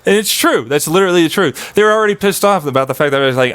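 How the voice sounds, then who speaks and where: A man's voice: fairly high pitch, expressive, rapid-fire, fairly bright tone, clean tone, dry recording. Agitated, swearing young man venting. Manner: agitated, profane, rambling. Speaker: streamer. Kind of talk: venting monologue on a live stream.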